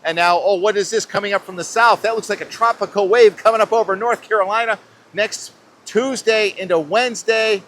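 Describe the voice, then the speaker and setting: A man's voice: high voice, fairly quick, a bit bright, slight background noise. A man talking casually through a weather forecast outdoors, chatty and rambling, breaking off mid-thought. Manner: chatty, rambling, self-interrupting. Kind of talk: casual live weather show. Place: outdoors at a beach.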